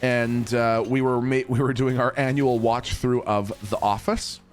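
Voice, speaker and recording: A man's voice: mid-range voice, fairly even intonation, a little slow, faint music behind. A man streaming from home, telling a long rambling story to his chat in a casual way.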